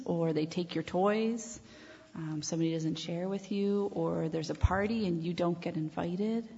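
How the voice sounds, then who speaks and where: A woman leading a children's time in church, asking the children questions and telling them a story in a gentle way. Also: on the low side, vocal fry, slightly rough. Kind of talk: children's sermon. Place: church sanctuary. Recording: echoey church hall, dull lo-fi sound.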